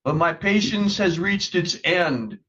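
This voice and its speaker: A man's voice: sits high, animated, slow pace, a bit bright, lo-fi sound. A man presiding as a judge at a court hearing, stern and lecturing.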